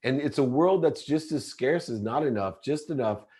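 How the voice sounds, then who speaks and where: A man's voice: medium pitch, expressive, moderate pace, darkish tone, breathy edge. A middle-aged man, a podcast guest, telling a personal story in an earnest, intense way and often restarting mid-sentence. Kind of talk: confessional storytelling in an interview.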